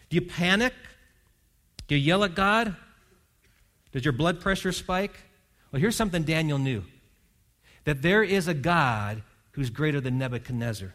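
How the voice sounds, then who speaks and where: Man, pastor, preaching, storytelling sermon, fairly high voice, loud emphatic peaks. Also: expressive, normal speed, long pauses.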